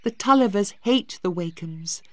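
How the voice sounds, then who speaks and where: A woman's voice: medium pitch, animated, normal speed, no echo, voice pushed up, close to an everyday voice. A woman voicing a young woman, Maggie, earnest and pleading in a storybook reading. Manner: pleading, emotional.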